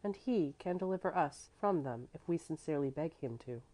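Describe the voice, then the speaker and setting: A woman reading as a gentle pious older lady. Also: low-pitched, animated, a little fast. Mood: earnest. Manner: soft, earnest counsel.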